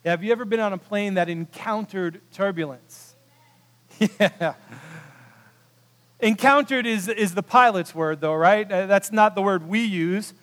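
A man preaching a sermon, telling a story with animated quoted voices, swinging from loud bursts to hushed, quiet moments. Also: high-pitched, a little slow. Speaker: pastor. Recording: long hall reverb.

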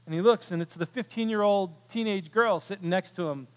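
A man preaching a sermon, telling a story with animated quoted voices, swinging from loud bursts to hushed, quiet moments. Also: high-pitched, a little fast. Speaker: pastor. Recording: long hall reverb.

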